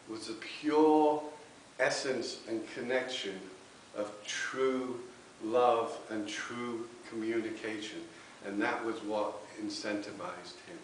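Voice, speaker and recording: A reverend giving an earnest spiritualist sermon with personal testimony, often checking in with the congregation. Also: male voice, mid-range voice, slow pace. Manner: earnest, tag questions with okay. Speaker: reverend speaking at a spiritualist church. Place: church hall. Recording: very echoey hall, distant mic, faint hiss.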